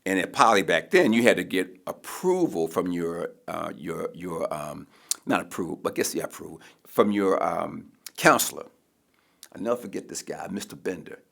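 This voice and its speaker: Deep gravelly emphatic man from Baltimore. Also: lively intonation, moderate pace, a bit bright. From Baltimore, USA. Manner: emphatic, preacherly, repeats and restarts words. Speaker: mayoral candidate, guest. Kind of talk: personal storytelling in a conversation.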